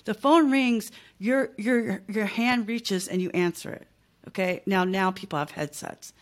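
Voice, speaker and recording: Woman, 50s, small business owner, casual podcast guest, chatty and emphatic, mid-range pitch. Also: unhurried. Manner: chatty, emphatic, peppers talk with "like", "right?" and "okay?".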